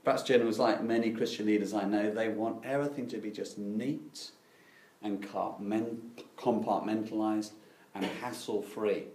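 A man's voice: lowish voice, fairly even intonation, normal speed, a little mellow, reverberant. A middle-aged man preaching a sermon, telling stories with dry, self-deprecating irony.

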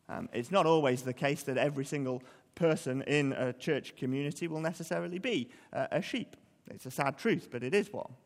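A man's voice: on the high side, moderate pace, big-room sound. A man preaching a sermon in a conversational, earnest way, often putting questions to the congregation.

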